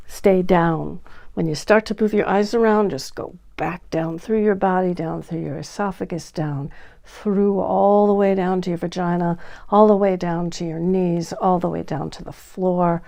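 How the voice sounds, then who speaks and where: A woman coaching on dating in an energetic talk to camera, acting out what to say with big swings in her voice. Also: on the low side, gravelly.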